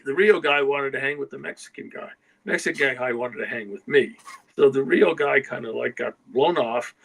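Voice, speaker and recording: Pushed and bright, this older man's mid-range voice comes through on a low-quality recording. A guest writer, he tells anecdotes in a casual, rambling way, often asking "you know" and "okay?".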